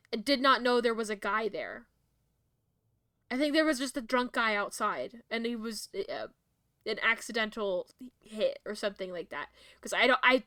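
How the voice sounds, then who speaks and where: High, bright, giggly woman streamer. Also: clear, resonant tone, no echo, studio quality. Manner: giggly, chatty. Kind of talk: casual gameplay commentary.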